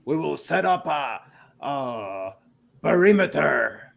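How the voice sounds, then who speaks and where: A man voicing a proud, blunt male orc chieftain who talks in slow, halting speech. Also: on the high side, very animated, gravelly, full character voice.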